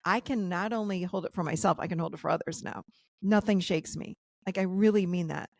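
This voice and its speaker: Gravelly-voiced woman telling a story. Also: on the low side, fairly quick, no echo. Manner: animated, acts out the voices of people in her stories. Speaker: guest therapist and coach. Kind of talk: personal storytelling in a podcast interview. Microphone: video call.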